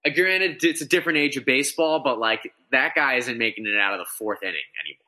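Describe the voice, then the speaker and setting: A man co-hosting a sports podcast in casual chat, excited and rambling, with many restarts. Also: medium pitch, fast talker. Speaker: podcast co-host.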